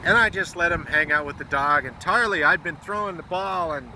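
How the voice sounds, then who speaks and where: An American man with a somewhat high voice tells a heartfelt story outdoors, his voice close to breaking. He is earnest and blunt, and he swears now and then. Loud wind noise hits the microphone throughout. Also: fairly quick. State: close to tears. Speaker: truck driver vlogger. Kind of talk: emotional storytelling vlog.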